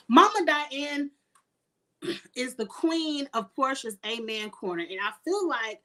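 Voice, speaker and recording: A woman's voice: high voice, slow. Blunt, profane woman recapping a reality show. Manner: blunt, profane, animated, with frequent laughs and throat clearing. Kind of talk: casual live recap with commentary.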